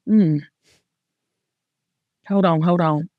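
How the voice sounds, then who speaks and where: A middle-aged woman with a Southern US accent, hosting a podcast in a chatty, animated storytelling way. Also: mid-range voice, slow pace, no room sound, studio quality. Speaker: podcast host. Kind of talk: casual chat.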